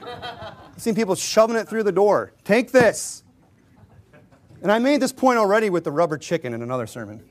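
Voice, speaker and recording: A middle-aged male pastor with a slightly high voice delivers a sermon in a relaxed, conversational manner. He acts out little doorstep exchanges and pokes fun at himself. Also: fast talker. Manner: conversational preaching with acted-out doorstep dialogue; self-deprecating humor, chuckles often.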